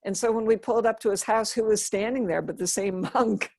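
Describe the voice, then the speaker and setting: A woman's voice: mid-range voice, a little fast, dry recording. A woman in her fifties, a Buddhist nun, telling a personal story in an interview and acting out the dialogue. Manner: animated storyteller, acts out quoted dialogue.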